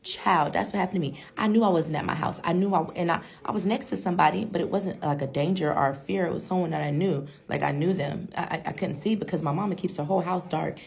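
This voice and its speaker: A woman's voice: fairly low pitch, quick pace, vocal fry, hardly any pauses. A woman vlogger telling a story to her viewers in a chatty, slangy, casual way, calling them girl and child.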